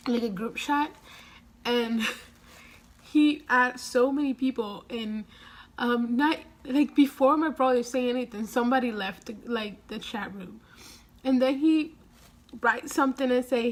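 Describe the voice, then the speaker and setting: A young woman talks slowly and tearfully to her camera in a casual vlog, her voice sitting high. She rambles through her thoughts, breaking off with small laughs and sighs after crying. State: has been crying. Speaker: vlogger.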